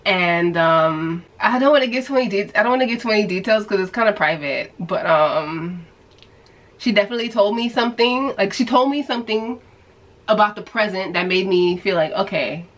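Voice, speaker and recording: A woman from New York telling a story to her viewers in a casual, animated way, acting out the people she quotes. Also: medium pitch, moderate pace, low-quality recording. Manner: animated storyteller who acts out quoted voices. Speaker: vlogger.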